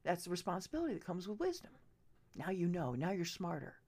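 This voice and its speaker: Fired-up woman ranting with animated pitch. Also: fast, slightly rough. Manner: profane, urgent, drops to hushed whispers. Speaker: vlogger. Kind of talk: impassioned direct-to-camera rant.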